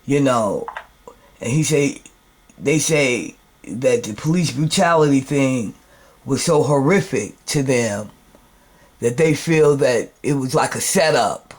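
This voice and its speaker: A man hosting his own video show, ranting in a rambling, emphatic, profane monologue that swings between loud outbursts and subdued asides. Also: medium pitch, slow. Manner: repeats words and restarts often. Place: New York.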